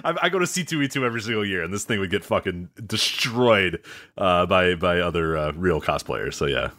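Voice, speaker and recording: A man's voice: low-pitched, expressive, brisk, fairly bright tone. A man co-hosting a podcast, joking and laughing often in casual banter. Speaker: podcast co-host.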